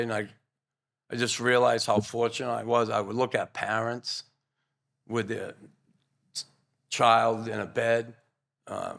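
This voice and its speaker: Older male guest, gravelly voice, earnest, rambling anecdotes with restarts. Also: medium pitch, fairly bright tone. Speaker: guest, former pro hockey player. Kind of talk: casual interview storytelling.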